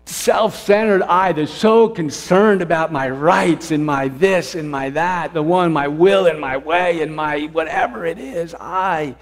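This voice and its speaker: Male pastor, higher-pitched voice, casual sermon style with fervent peaks, long church reverb. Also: a little slow, few pauses. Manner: conversational, self-correcting, builds to fervent emphasis. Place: church sanctuary.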